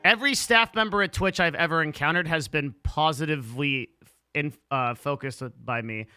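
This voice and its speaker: A man's voice: fairly high pitch, moderate pace, bright, forceful tone, smooth, no echo, clean studio sound, soft background music. A man chatting casually on a live stream, blunt and profane, rambling with lots of "like" and restarts. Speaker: livestreamer answering chat.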